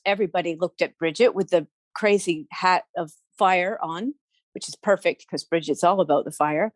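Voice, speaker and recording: Woman storyteller, lively telling, dry close mic. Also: on the low side, dry recording. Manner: animated, with sound effects and asides to listeners. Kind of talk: oral folk storytelling.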